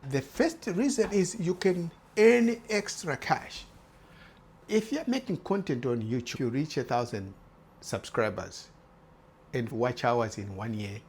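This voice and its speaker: A man's voice: medium pitch, slight background noise. A man, likely in his fifties, talking straight to the camera as a channel host, earnest and urging, often repeating his phrases. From former British colony. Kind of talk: direct-to-camera talk.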